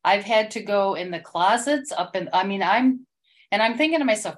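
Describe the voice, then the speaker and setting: A woman's voice: mid-range voice, expressive, moderate pace. A middle-aged woman sharing a personal church experience in casual spoken testimony, rambling and emotional, with many restarts.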